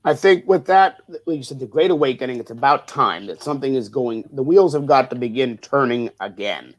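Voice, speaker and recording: A man's voice: medium pitch, animated, brisk. A man co-hosting a casual political talk show, blunt and emphatic, with frequent swearing. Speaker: co-host.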